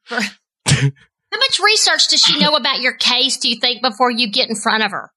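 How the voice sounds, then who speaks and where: A woman co-hosts a podcast with a high, very bright voice. She asks eager questions and rephrases them as she goes. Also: very animated, normal speed. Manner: eager questions, repeats herself. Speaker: podcast co-host. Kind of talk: casual podcast chat.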